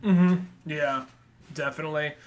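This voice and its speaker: A man's voice: fairly high pitch, fairly even intonation, moderate pace, highs cut off. A man co-hosting a casual movie review podcast, rambling and slipping into goofy character voices. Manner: rambling, acts out film characters in silly voices. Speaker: podcast co-host.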